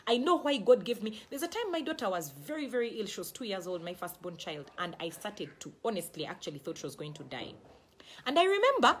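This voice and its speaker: A middle-aged Ugandan woman preaching a sermon with fervour, her voice husky and breathy. She sits a little high and swings up and down in lively, emphatic waves, often hammering a phrase twice. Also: a little fast.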